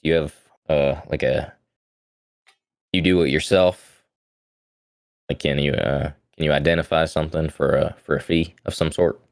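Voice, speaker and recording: Deep-voiced man playing a tabletop game. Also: fairly even intonation, normal speed, creaky, pauses often, no room sound, clean studio sound. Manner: hesitant, filler-heavy, laid-back. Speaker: player. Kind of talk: casual in-character role-play.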